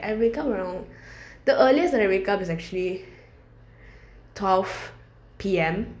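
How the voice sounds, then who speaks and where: A young woman talks in a loose, rambling storytime style, candid and full of fillers. Her pitch sits mid-range, and the vlog recording carries a roomy echo. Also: darkish tone. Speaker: vlogger. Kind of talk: casual storytime monologue.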